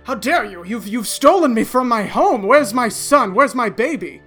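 A confused old dwarf, put on by a man running a tabletop game, crying out in alarm and fear. The voice is pushed up and loud with panic. Music plays faintly behind him. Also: extremely high pitch, lively intonation, moderate pace, breathy edge, voice pushed up, exaggerated voice. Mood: frantic. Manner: panicked, pleading cries. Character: old confused male dwarf, frantic and fearful.

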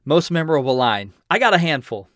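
A man's voice: a little high, sing-song, brisk, fairly bright tone, dry recording, studio quality. A man hosting a podcast, chatting casually and enthusiastically and laughing often. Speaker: podcast host. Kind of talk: casual chat.

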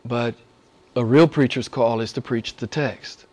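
In a church service, a pastor with a mid-range, somewhat dark voice preaches at a slightly slow pace. He is emphatic, repeats his phrases, and keeps asking the congregation "right?" to win their agreement.

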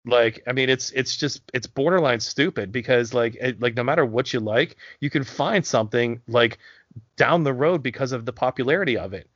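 A man's voice: mid-range voice, normal speed, a bit bright, no room sound, dull audio. A man from Pennsylvania co-hosting a podcast, talking casually and profanely, rambling with many fillers and restarts. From south central Pennsylvania. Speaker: podcast co-host.

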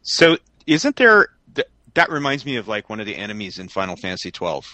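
A male podcast co-host in casual comedic chat, riffing crudely and excitably. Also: on the low side, a little fast, dry recording.

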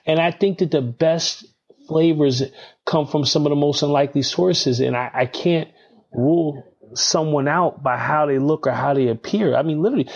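A man who is a chef, telling stories in an animated, emphatic way in casual chat. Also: fairly high pitch, normal speed. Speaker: chef and co-host.

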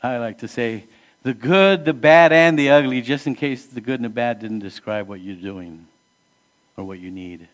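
At a normal speed and medium pitch, the pastor preaches in an earnest, conversational style. His questions to the congregation come amid shifts between emphatic rises and quiet, hushed drops.

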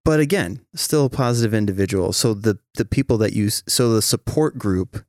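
A man with a lowish voice talks fairly quickly on a dry recording. Hosting a podcast, he chats casually and animatedly, telling stories and swearing frequently.

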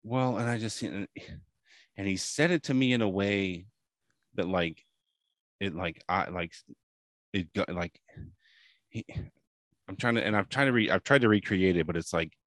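A man's voice: low-pitched, a bit bright, dry recording, studio quality. A man in his late thirties telling a story in casual podcast chat. He rambles, halts and swears as he talks. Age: late 30s. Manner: rambling, halting, profane storytelling.

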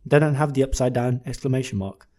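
A man's voice: medium pitch, fast talker, warm tone. A man co-hosting a casual car chat, telling stories with mock-dramatic build-ups and plenty of swearing. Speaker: car podcast co-host.

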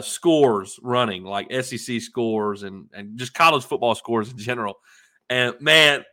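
Sports podcast guy, bright higher voice, animated stories, lots of yeahs. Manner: animated storytelling, quick agreeing replies. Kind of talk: casual sports chat.

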